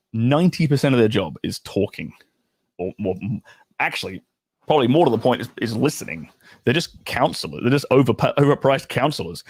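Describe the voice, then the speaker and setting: A man's voice: mid-range voice, no room sound. A man from Australia with an Australian accent, hosting a casual storytime chat. He talks bluntly, swears freely and drops laughing asides. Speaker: storytelling host.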